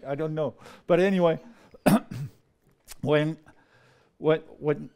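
A man talking casually to an audience, rambling and lively, often laughing. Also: fairly high pitch, slow, clean tone. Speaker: storyteller. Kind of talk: casual talk to a live audience.

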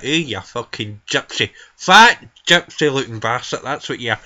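A man's voice: mid-range voice, pushed and bright. A man voicing a foul-mouthed, furious Scottish granny in her eighties, ranting and swearing nonstop in a comedy vlog. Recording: dull lo-fi home recording.

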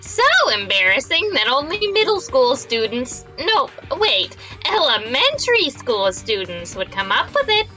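A woman voicing an earnest young character in a fan dub of a game, soft and musing. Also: high-pitched, very animated, a little slow, hardly any pauses, soft background music, exaggerated voice.

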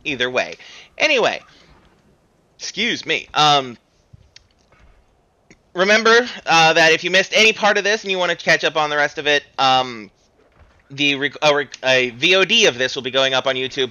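Bright-voiced man rambling over gameplay. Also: fairly high pitch, lively intonation, fairly quick, pauses often. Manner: rambling, self-deprecating, joking. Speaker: streamer playing a game. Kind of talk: casual let's-play commentary.

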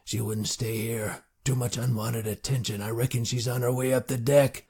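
A man voicing a tall, old cowboy marshal with a dry, grumbly, low drawling voice. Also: flat delivery, moderate pace, creaky, darkish tone, husky. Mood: gruff.

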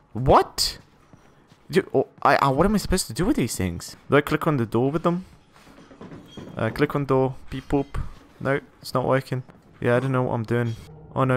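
A young man playing a horror game and talking through it, jittery and quick to exclaim and repeat words when scared. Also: medium pitch, a little hiss or hum. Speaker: gaming YouTuber. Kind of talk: horror game let's play commentary.

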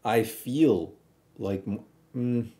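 A man talks through a reaction stream in a loose, rambling way, blunt and argumentative. His voice is mellow and dark, sitting at an ordinary pitch for a man. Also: very slow. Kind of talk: casual reaction commentary.

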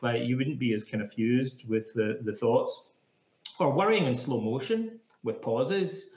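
A man with a mid-range, darkish voice speaks at a measured pace as a psychotherapist guest in an interview. His explanations are casual and chatty, peppered with "like," and the recording has room echo.

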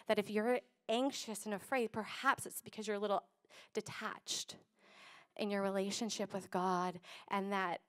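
Streamed over a video call, a woman pastor gives a casual, lively sermon, acting out different voices as she goes. Her pitch is medium.

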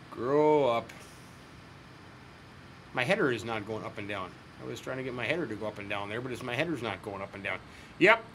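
Lively, rambling man playing a farm game. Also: medium pitch, a little hiss or hum. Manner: rambling, joking asides to viewers. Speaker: gaming channel host. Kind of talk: casual farming-game commentary.

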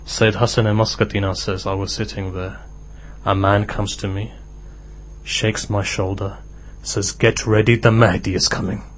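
A man's voice: lowish voice, flat delivery, normal speed, slight background noise. A man with a British accent preaching a sermon in a mosque hall, telling stories and rising to impassioned exhortation.

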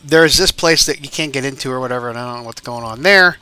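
A man talking through a video game session in a casual, rambling way, thinking out loud and stopping to restart his sentences. His voice has a bright, forward tone at an ordinary middle pitch. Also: quick pace, smooth, dry recording. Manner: rambling, thinks aloud with many fillers. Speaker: gaming YouTuber. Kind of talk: let's play commentary.

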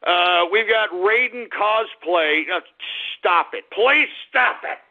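A man hosting a radio show, scolding his listeners in a combative rant that keeps breaking into shouts. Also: high voice, expressive, takes it slowly. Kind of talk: ranting call-out radio talk. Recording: tinny phone-like radio audio.

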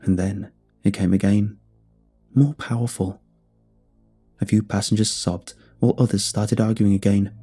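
A man telling a first-person horror story in measured scripted narration. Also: lowish voice, fairly even intonation, warm tone, husky. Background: faint music.

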